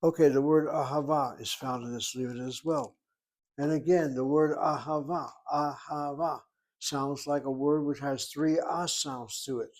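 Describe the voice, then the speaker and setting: A man's voice: on the high side, steady tone, measured pace. Man lecturing on Hebrew grammar. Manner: explanatory, spells out grammar step by step. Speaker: Hebrew teacher. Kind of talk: classroom lecture.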